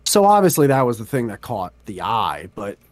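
Animated, swearing male podcast co-host. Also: on the low side, moderate pace, dry recording. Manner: animated storytelling, swears freely. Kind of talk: casual podcast chat.

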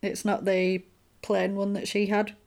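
Animated woman recapping a film. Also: mid-range voice, a little slow, vocal fry. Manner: animated storyteller, acts out quotes. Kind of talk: casual film recap chat.

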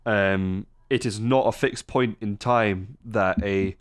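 A man co-hosting a podcast, talking casually and making his points in a measured way. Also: fairly low pitch, steady tone. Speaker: podcast co-host. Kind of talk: casual chat.

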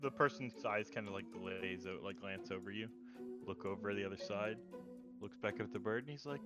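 A man narrating as game master in a tabletop role-playing game, relaxed and laughing as he goes. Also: fairly low pitch, brisk. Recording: slightly dull sound with music.

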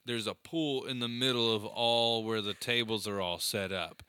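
A man chatting casually, telling funny stories in an animated way and laughing often. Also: on the low side, normal speed, smooth. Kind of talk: casual chat.

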